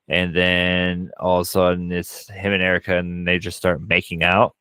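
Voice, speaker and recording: Deep-voiced man recapping a film, smooth and dry. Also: no echo. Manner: animated retelling, quick bursts of quoted lines; frequent profanity. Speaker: podcast co-host. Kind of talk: casual movie recap chat.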